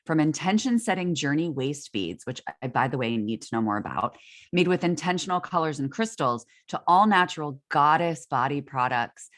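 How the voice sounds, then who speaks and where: A woman's voice: deep voice, expressive, normal speed. A woman hosting a podcast while she has a cold, talking in a bubbly, effusive way on a video call. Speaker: podcast host. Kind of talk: casual interview chat.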